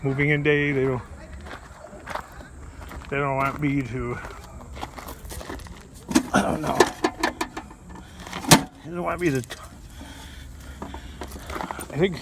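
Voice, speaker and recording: A middle-aged man with a slightly high voice rambles slowly through a casual scrap-work vlog, full of fillers and restarts. Loud noise runs under everything he says. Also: steady tone. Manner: chatty, meandering, filler-heavy. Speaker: scrap metal vlogger.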